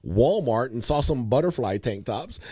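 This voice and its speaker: A man's voice: mid-range voice, normal speed, husky, no room sound, studio quality. A man coaching youth basketball, telling stories in a casual podcast chat and acting out the voices of the people in them. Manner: animated storyteller, acts out quoted dialogue. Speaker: guest coach.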